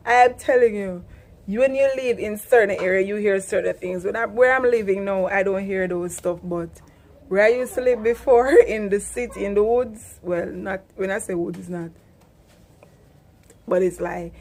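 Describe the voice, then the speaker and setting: A young adult woman with a Jamaican accent, teaching Jamaican words in a casual, animated chat and laughing often. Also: mid-range voice, a little hiss or hum. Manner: animated, laughs often, acts out loud commands. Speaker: vlogger.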